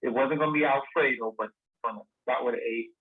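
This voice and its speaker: A man guest telling a lively story in a casual interview, acting out the dialogue he quotes. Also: mid-range voice, fast talker, husky. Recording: tinny phone-line sound.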